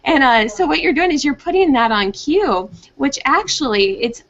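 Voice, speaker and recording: A woman's voice: sits high, moderate pace. A young woman, a pet trainer, giving advice in a conversational way and livening it up by acting out what dogs are thinking in playful voices, heard over a video call. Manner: animated, acts out dogs' thoughts in playful voices. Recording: muffled, dull online video call audio.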